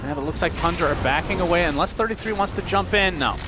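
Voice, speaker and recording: Man, esports play-by-play caster, high voice, quick delivery, music bed. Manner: rapid excited play-by-play calls. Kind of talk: play-by-play commentary.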